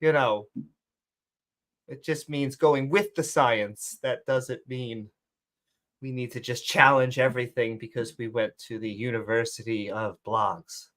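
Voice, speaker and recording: A woman's voice: rumbling low, a little slow, a bit bright. Joking woman hosting a live call show. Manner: joking, sarcastic asides, sing-song bursts. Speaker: show host. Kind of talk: casual chat, reading supporter shout-outs. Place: online voice call.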